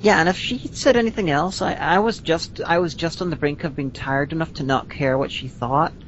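A woman from Northern Ireland with a Northern Irish accent, co-hosting a podcast in casual chat, rambling with frequent restarts and dry humor. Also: brisk. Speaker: podcast co-host. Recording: slightly dull lo-fi audio with faint rumble.

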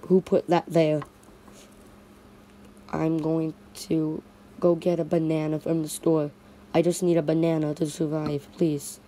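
A woman's voice: sits low, level tone, a little slow, long pauses, warm tone, slight background noise. A woman narrating a playful toy stop-motion story in repetitive, sing-song toy voices.

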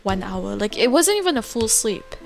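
A woman's voice: medium pitch, big pitch swings, moderate pace, creaky. A young adult woman live-streaming, chatting casually into a close desk mic, giggly and rambling, swearing casually. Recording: live stream with faint music. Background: faint background music.

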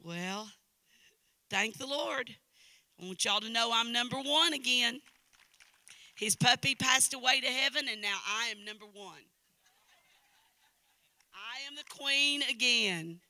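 Guest preacher, woman in her 60s, folksy and chatty, very bright voice, dry close sound. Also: fairly high pitch, takes it slowly, pauses often, no room sound. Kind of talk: sermon with personal anecdotes. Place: church.

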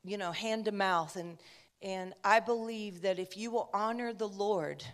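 A woman's voice: medium pitch, a little slow. A woman preacher giving a conversational sermon, telling a personal story with chatty asides.

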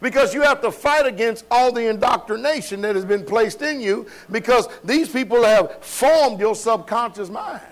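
A man's voice: very high-pitched, lively intonation, normal speed, few pauses. A man preaching at a Bible study, with an emphatic, informal style full of rhetorical questions. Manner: informal speech with dropped verbs.

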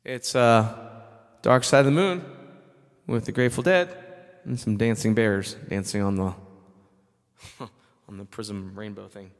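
A man's voice: lowish voice, a little slow. A middle-aged man hosting a music live stream, chatting casually between songs in a rambling way and thanking viewers by name. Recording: long reverb on the voice.

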